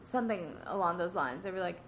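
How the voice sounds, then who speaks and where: A woman's voice: fairly low pitch, lively intonation, fast talker, slight background noise. A young woman co-hosting a casual podcast, chiming in with short remarks and opinions. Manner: chimes in with brief remarks. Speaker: podcast co-host. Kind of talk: casual chat.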